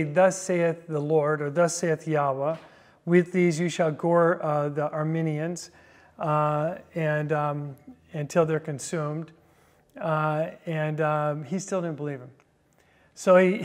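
A Bible teacher reading scripture aloud and then explaining it, with many hesitant fillers between phrases. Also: mid-range voice.

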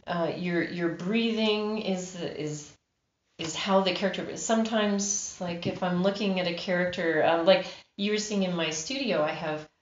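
An expressive woman with a slightly low voice talks about her work as an audiobook narrator and producer, laughing often. The recording is roomy and echoey, with a dull, muffled tone. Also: normal speed. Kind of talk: interview conversation.

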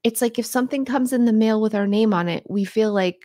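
A woman's voice: on the high side, brisk, dark tone, no echo, clean studio sound. A woman hosting a decluttering livestream, chatting casually and reading viewer comments in a playful, frank way.

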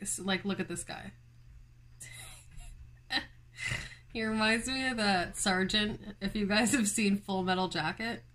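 Female vlog host, easygoing chatty delivery with fillers and laughs, slow pace. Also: fairly low pitch, a bit bright, slight background noise. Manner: chatty, filler-heavy, giggly, talks to viewers. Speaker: plant channel host. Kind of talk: casual chat vlog. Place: home, indoors.

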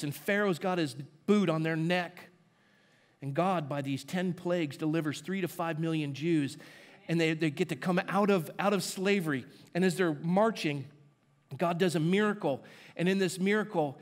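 A man's voice: sits high, moderate pace. A man preaching a sermon in a conversational way, asking the congregation rhetorical questions and making asides. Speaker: pastor.

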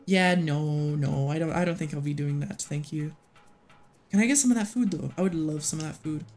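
Streamer, casual game commentary, excitable, foul-mouthed, medium pitch. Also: brisk, soft background music. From United States. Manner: excitable, swears often, talks to the game and chat. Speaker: livestreamer. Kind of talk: casual live gameplay commentary.

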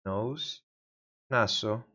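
Portuguese-native man, very slow, repetitive self-study drills; dull lo-fi home recording. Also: on the low side, pushed and bright. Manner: repeats words aloud over and over, mutters to himself. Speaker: language learner. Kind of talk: casual self-study practice.

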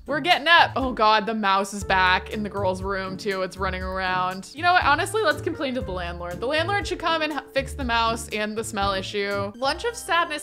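A woman's voice: on the high side, sharp tone. A young adult woman in casual let's-play commentary, chatty and affectionate as she narrates her game aloud. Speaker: gaming video host.

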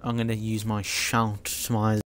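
A young man streaming a game with friends, swearing, laughing and shouting in excitable outbursts. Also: fairly low pitch, a little slow, no echo. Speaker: gaming streamer. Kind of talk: casual gameplay commentary with friends.

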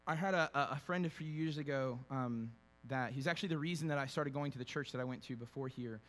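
A man preaching a sermon as a pastor, shifting from quiet conversational storytelling with fillers to loud, emphatic preaching. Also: medium pitch, quick pace. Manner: conversational, with fillers and repeated words. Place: church sanctuary.

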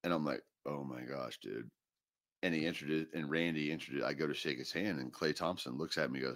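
A man's voice: a bass voice, fairly quick, fairly bright tone. A man co-hosting a podcast, telling a long funny story in casual chat and laughing through the punchlines. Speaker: podcast co-host.

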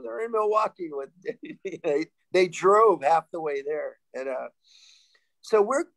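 A man in his sixties from Sacramento, California, telling lively stories as a panel guest, laughing and restarting often. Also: on the high side, unhurried, creaky, rough recording. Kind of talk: casual storytelling.

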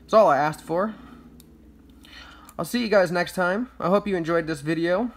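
A man's voice: high voice, normal speed. A man delivering sarcastic, mock-outraged comedic commentary as a vlogger. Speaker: YouTube vlogger.

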